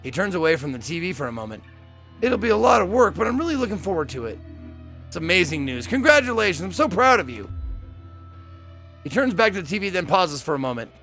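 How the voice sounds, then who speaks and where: A man reads a game's narration and dialogue aloud as he plays, his voice sitting a bit high. He keeps breaking off to joke and curse at what happens on screen. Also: very animated, fast, bright, forceful tone, faint music behind. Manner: reads dialogue aloud, then swears and jokes in reaction. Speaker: gameplay streamer. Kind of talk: reading a game's story aloud and reacting.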